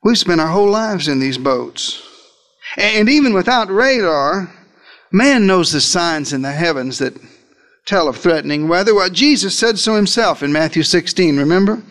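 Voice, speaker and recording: A man's voice: sits high, expressive, normal speed, fairly bright tone. A male preacher delivering a sermon, retelling scripture as a dramatic first-person story and speaking directly to his listeners.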